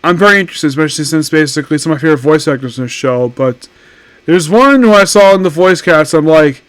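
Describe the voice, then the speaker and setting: A man's voice: fairly high pitch, quick pace, clean tone, no echo. Rambling male anime reviewer. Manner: rambling, self-correcting, animated. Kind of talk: casual review talk.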